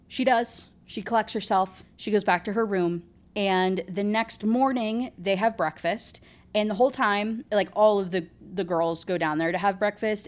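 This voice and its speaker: Chatty woman recapping a book. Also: medium pitch. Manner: chatty, rambling, full of "like"; sarcastic asides. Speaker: book reviewer. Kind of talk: casual book recap chat.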